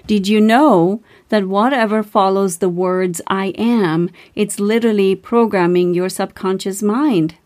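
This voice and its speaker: A woman's voice: medium pitch, steady tone, measured pace, few pauses, darkish tone. A woman hosting a motivational podcast, reading numbered verses and talking them through in an earnest, encouraging way with some fillers and self-corrections. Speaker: podcast host.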